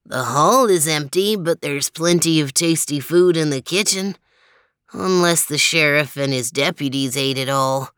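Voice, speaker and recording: A woman's voice: low-pitched, unhurried, fairly bright tone, smooth, no room sound, studio quality. A woman voicing a genial old male dog who leads the pack in a storybook. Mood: easygoing. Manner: easygoing, chuckling host.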